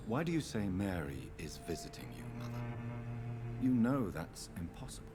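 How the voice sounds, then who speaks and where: Brief: low-voiced undead son, measured and sorrowful, expressive, video game dialogue over loud score. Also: male voice, over loud music. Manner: measured, quiet, patient. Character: undead young doctor son, restrained and sorrowful. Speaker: game protagonist.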